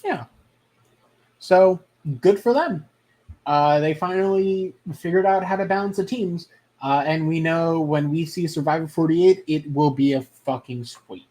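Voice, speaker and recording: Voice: mid-range voice, a little slow, warm tone. A podcast co-host chatting casually in a recap, with dry sarcasm and casual swearing.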